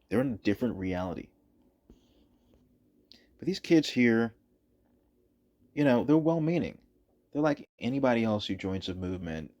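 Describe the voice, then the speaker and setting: A man with a fairly low voice delivers opinionated commentary over footage. He talks emphatically and hammers his points home by repeating them. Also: a little mellow, highs cut off. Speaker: political commentator.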